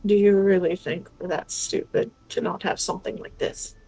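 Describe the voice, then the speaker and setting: A woman voicing a calm, quietly menacing male go-between in a tabletop game, speaking unhurriedly. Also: mid-range voice, normal speed, gravelly, husky, low-quality recording.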